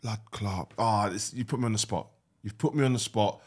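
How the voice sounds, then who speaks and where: A man's voice: fairly low pitch, brisk, husky. A young man as a podcast guest, chatting casually and teasing back with lots of laughter. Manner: lively, teasing, laughs often. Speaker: guest, interviewer.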